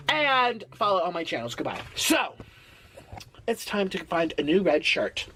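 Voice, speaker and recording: A man talking casually to camera as a YouTuber, animated and playful, slipping into silly rhymes and sing-song repeats. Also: sits high, a little slow.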